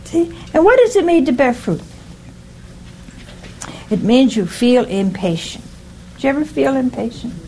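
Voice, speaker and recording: A woman's voice: high-pitched, very animated, a little slow, long pauses, mellow, slight background noise, poor audio. An older woman giving an informal, folksy sermon, often stopping to ask "see?" and putting questions to her listeners. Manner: folksy, keeps asking "see?". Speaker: preacher.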